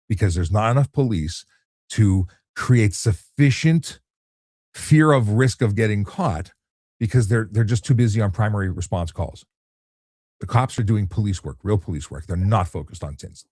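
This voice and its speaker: Male cop host, deep mellow voice, laid-back live Q&A, dry close sound. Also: husky, no room sound. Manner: easygoing, often repeats words when restarting. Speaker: traffic cop and livestream host. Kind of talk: relaxed late-night live chat answering viewer questions.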